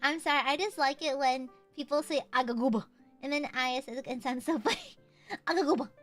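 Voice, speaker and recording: Very high, bright-voiced woman streamer. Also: moderate pace, soft background music. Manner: playful, boastful, swears freely and laughs often. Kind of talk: casual live-stream chat while gaming.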